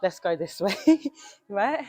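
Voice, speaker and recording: Her mid-range voice is a little mellow, slow-paced and full of big swings in pitch. A young fitness coach, she guides a gym workout casually and directly, addressing viewers as "you lot" and puffing slightly as she shows each move.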